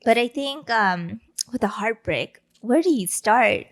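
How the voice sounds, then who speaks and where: A woman's voice: fairly high pitch, expressive, a little slow. A woman co-hosting a podcast in casual chat, teasing and laughing easily. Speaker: podcast co-host.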